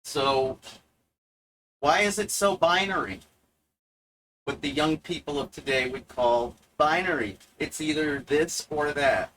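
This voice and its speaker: A man delivering a provocative monologue to the viewer, sardonic and deliberate, halting often to find his words. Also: on the high side, a bit bright, low-quality recording. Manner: mock-lecturing, talks straight to the viewer. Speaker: video essayist.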